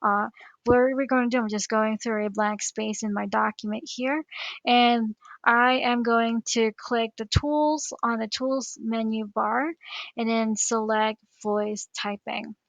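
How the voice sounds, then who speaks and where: Woman, tutorial coach, fry in the voice, dry close mic, friendly step-by-step explaining. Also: fairly high pitch, fairly even intonation, a little slow, no room sound. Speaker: educational coach. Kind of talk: screen-recorded software tutorial.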